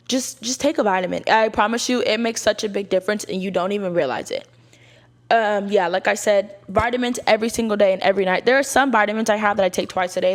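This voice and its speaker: Young woman, podcast host, chatty and slangy, casual delivery. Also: mid-range voice. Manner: chatty, slangy, talks straight to listeners. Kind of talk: casual chat.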